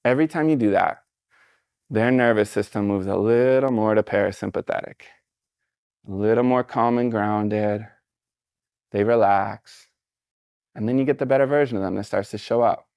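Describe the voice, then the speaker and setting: A middle-aged man with a fairly low voice speaks to a live audience in an easygoing motivational talk. He is encouraging and conversational, with plenty of fillers. The sound is dry and close, with little room echo. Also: normal speed, gravelly, pauses often, darkish tone, smooth. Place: stage before a live audience.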